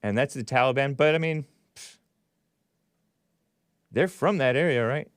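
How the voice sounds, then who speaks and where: Sardonic male talk host, smooth dry voice. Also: mid-range voice, measured pace, dry recording. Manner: sardonic, mocking, laughs at his own remarks. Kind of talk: casual monologue commentary.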